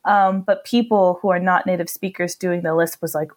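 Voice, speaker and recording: A woman's voice: fairly low pitch, steady tone, moderate pace. A young woman from New Mexico co-hosting a podcast in casual chat, talking loosely with lots of fillers and laughter. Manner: chatty, laughs often, many fillers. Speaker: podcast co-host.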